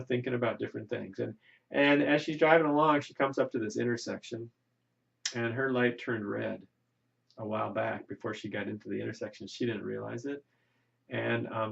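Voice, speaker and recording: A man's voice: medium pitch, gravelly. A man teaching an economics class in a chatty, folksy way, often checking in with "right?", recorded in a classroom on a lo-fi recording. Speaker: economics lecturer. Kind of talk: classroom lecture. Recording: lo-fi lecture recording.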